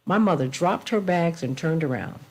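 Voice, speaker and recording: A woman's voice: on the low side, expressive, moderate pace, a little mellow, husky. A woman hosting a political talk show, speaking emphatically in a preacherly way and addressing her guests by name.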